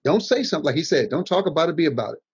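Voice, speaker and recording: Older man, animated husky storyteller. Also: fairly high pitch, racing. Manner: animated storyteller, acts out quotes. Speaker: guest comedian. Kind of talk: motivational conversation. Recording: dull lo-fi audio.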